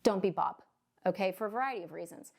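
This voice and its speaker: Talking fast in a medium-pitched voice, a woman mortgage loan officer gives a chatty, casual rundown of buying a home. She peppers it with "right?" and "okay?", playful asides, and quotes she acts out.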